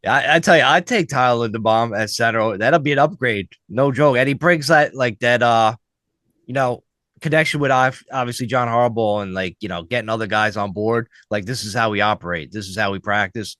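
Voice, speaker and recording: A man's voice: mid-range voice, brisk, a bit bright, dry recording, clean studio sound. A man chatting bluntly on a sports podcast, swearing freely. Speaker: podcast co-host. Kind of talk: casual sports chat.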